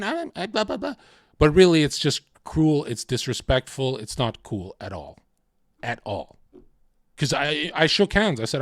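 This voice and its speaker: A man's voice: medium pitch, no room sound, clean studio sound. A man livestreaming, ranting casually in a heated, profane, rambling way.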